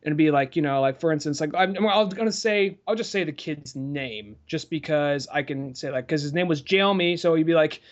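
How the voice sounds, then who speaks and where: A man's voice: fairly high pitch, brisk, hardly any pauses, highs cut off. Rambling man telling a story. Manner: rambling, stop-start storytelling with lots of fillers. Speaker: podcast host. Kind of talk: casual chat.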